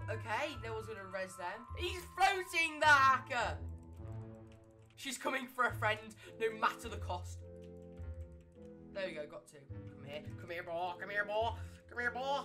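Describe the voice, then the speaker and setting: Excitable high-pitched woman gaming. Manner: excitable, frequent yelps and shouts; fast repetitive exclamations. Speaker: gaming YouTuber. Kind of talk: live gameplay commentary. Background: background music.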